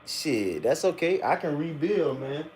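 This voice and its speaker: A man streaming a live reaction, telling blunt, profane stories in a casual and animated way. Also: a little high, measured pace, slight background noise.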